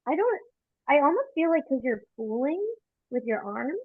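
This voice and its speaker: A woman's voice: high-pitched, sing-song, moderate pace, no echo. A female yoga teacher trainee chatting casually, rambling and hedging with "like". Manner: rambling, hedges with 'like'. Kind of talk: casual chat about practice. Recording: tinny, phone-like, dry.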